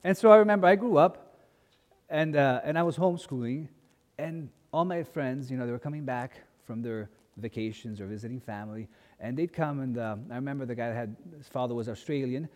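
Male preacher, animated storyteller, reverberant church hall. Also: mid-range voice, fairly quick. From grew up as a missionary kid in a mission. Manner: animated storyteller, acting out voices in quotes. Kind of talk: sermon with personal storytelling.

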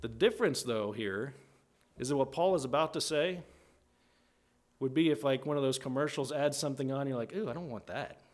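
A man preaching a conversational sermon in a teaching tone, often checking in with "right?" and acting out quoted voices. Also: moderate pace. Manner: acts out quoted voices with big pitch jumps.

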